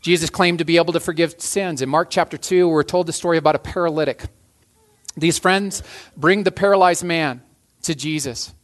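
A man's voice: fairly high pitch, steady tone, moderate pace. A man preaching a sermon as a pastor, earnest, often restarting and repeating phrases.

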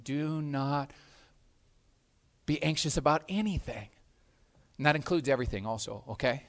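Slightly high-voiced man preaching casually. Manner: conversational, repeats words, acts out scenes. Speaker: pastor. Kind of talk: sermon.

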